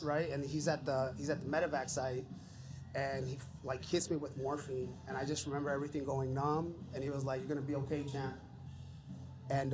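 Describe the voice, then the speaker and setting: A man of middle pitch tells his war story in a relaxed podcast conversation. He speaks candidly and swears freely, laughing now and then at grim details. Steady background noise sits under his voice. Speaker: podcast guest, Army veteran. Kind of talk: casual storytelling interview. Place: podcast studio.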